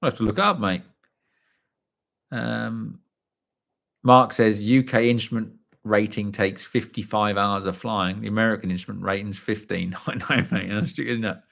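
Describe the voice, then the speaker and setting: A man's voice: on the low side, normal speed, gravelly, fairly bright tone. A man, telling a story on a livestream and reading out viewer comments, chatty and blunt, swearing freely. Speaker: livestream host.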